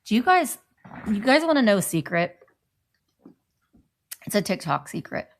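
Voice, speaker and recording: A woman's voice: medium pitch, sing-song, moderate pace. A middle-aged woman chatting casually as she shows off a thrift haul, rambling and talking to friends nearby. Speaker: thrift vlogger. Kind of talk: casual haul show-and-tell.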